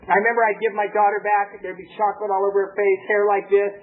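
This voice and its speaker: A man from Southern California gives a personal testimony as a speaker at a recovery meeting, telling it in an animated way and acting out the voices he quotes. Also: high-pitched, quick pace. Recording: tinny lo-fi tape with faint hiss.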